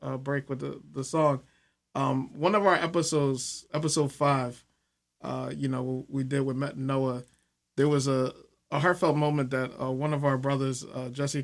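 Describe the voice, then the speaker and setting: A man's voice: medium pitch, level tone, moderate pace, vocal fry. A man guesting on a radio show, talking casually about his podcast in an earnest, hesitant way, with lots of fillers. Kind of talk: casual interview chat.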